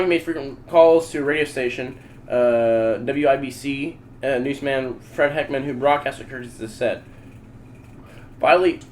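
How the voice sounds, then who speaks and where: A man telling a story on a casual podcast, profane and excitable, acting out quotes loudly. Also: medium pitch, a little hiss or hum. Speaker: podcast co-host.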